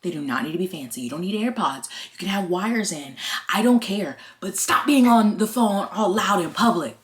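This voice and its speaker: A woman's voice: medium pitch, lively intonation, moderate pace. A young woman ranting in a casual vlog, swearing often and sounding exasperated. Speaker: vlogger.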